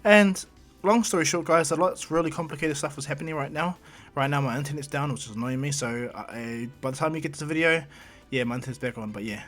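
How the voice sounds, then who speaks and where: A man's voice: fairly high pitch, fast, a bit bright. A man casually narrating his own fan story, rambling with lots of fillers and restarts.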